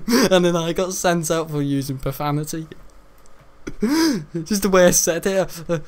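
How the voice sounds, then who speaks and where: A man's voice: on the high side, moderate pace, pauses often. A young man telling a school story while gaming, laughing often and tripping over his words. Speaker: gaming streamer.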